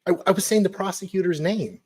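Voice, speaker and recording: A woman's voice: mid-range voice, quick pace, darkish tone, husky. A woman co-hosting a live stream, stubborn and joking as she argues a point. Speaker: stream co-host. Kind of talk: casual live-stream chat.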